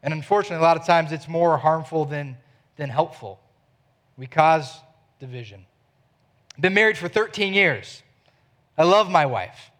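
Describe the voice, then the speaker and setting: Man, pastor, thirties, sermon, high voice, asks the congregation direct questions. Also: normal speed, pauses often, fairly bright tone. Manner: presses listeners with repeated direct questions.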